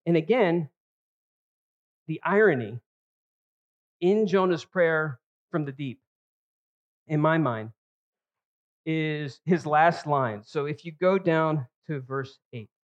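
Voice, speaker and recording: A man's voice: a little high, slow, long pauses, lo-fi sound. Man preaching an expository sermon. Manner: expository preaching, rising emphasis on key words. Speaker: pastor.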